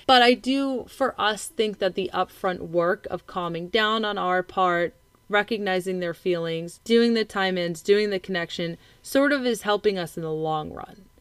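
A woman's voice: mid-range voice, moderate pace, clean tone, dry recording. A woman, a parent, explaining her views thoughtfully in a casual conversation with many fillers.

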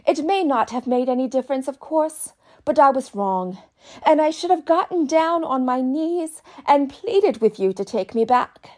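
Overwrought pleading woman voiced by a woman in a comic bit, high and all over the place in pitch. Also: expressive, normal speed, darkish tone. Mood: desperate pleading. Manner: pleading, overwrought, repetitive begging. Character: melodramatic heartbroken woman begging her ex.

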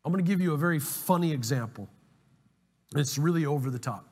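A man preaching a sermon as pastor, animated and emphatic, telling humorous stories to make a point. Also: a little high, fairly quick, slightly rough. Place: church sanctuary. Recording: long hall reverb, faint music.

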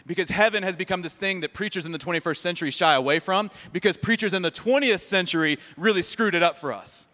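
A male pastor preaching a lively sermon, joking and sarcastic, often repeating words. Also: sits high, quick pace, few pauses. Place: church sanctuary. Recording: long reverb of a church hall.

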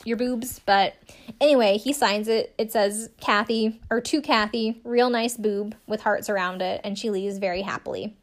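Young woman host, loose recap chat, sarcastic asides, lots of filler "like". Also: mid-range voice. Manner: chatty, sarcastic, lots of "like" and laughs. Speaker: podcast host recapping a TV show.

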